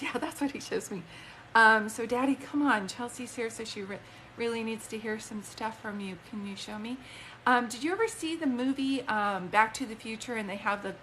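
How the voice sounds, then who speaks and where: A woman's voice: on the high side, a bit bright, a little hiss or hum. A woman working as a psychic medium on a live stream. She rambles with emotion, breaks off mid-sentence, and speaks both to an unseen spirit and to a viewer, into a phone.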